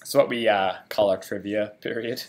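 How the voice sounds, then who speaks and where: A man's voice: on the low side, fairly even intonation, moderate pace, darkish tone, echoey room. A man co-hosting a casual game livestream, joking around and rambling playfully. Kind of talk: casual chat.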